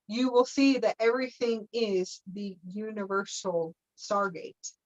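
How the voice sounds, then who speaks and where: A woman's voice: medium pitch, measured pace. Meandering woman teaching on a lo-fi call. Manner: meandering, checks in with frequent "okay?"; laughs often, playful asides. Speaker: spiritual teacher. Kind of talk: live spiritual teaching session.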